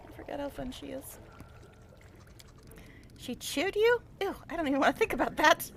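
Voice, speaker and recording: A woman's voice: high voice, expressive, normal speed, gravelly, pauses often, a little hiss or hum. A woman streaming a game live, reading it aloud with chatty, laughing asides.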